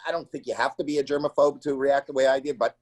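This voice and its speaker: A man telling a story on an interview show in an animated, theatrical way, acting out each person with sudden high cries. His voice sits in a mid range and is recorded close and dry, with no room around it. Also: fast talker, no echo. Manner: animated, acts out the people in his stories with sudden shrill cries. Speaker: comedian guest. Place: home.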